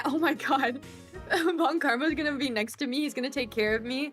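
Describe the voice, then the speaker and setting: A young woman streaming a game, chatting casually and excitably and often giggling. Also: high-pitched, normal speed. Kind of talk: casual gameplay commentary. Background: game music.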